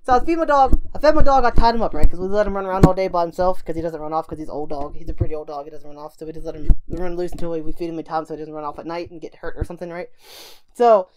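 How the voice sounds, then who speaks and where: A woman's voice: lowish voice, darkish tone, a little hiss or hum. A young woman vlogger telling a rambling story time, tagging lines with "right?" while she recovers from a broken ankle. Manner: rambling, fast, lots of "right?" and "like". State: recovering from a broken ankle, still in some pain.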